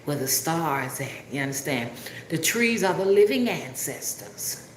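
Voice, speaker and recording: A woman's voice: deep voice, big pitch swings, measured pace, reverberant, a little hiss or hum. A woman with a Southern Alabama drawl, talking casually and rambling to a livestream audience, often asking if they understand. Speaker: spiritual rootworker livestreamer.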